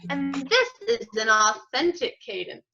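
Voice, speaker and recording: A woman teaching an online group music lesson, giving slow step-by-step instructions and praising students by name. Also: high voice, very animated. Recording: dull lo-fi audio.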